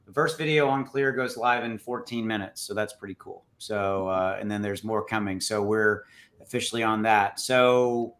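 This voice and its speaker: A male livestream host leading a casual crypto chat. His voice is bright and forceful, and he rambles and teases his guests with plenty of fillers. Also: lowish voice, moderate pace. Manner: loose, joking, filler-heavy.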